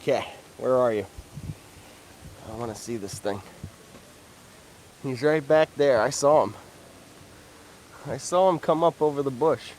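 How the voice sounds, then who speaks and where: A man livestreaming outdoors at an animal park, chatting excitedly and calling out to the animals. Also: mid-range voice, a little slow, pauses often, a little hiss or hum, rough recording. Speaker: livestream vlogger. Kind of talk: casual livestream chat.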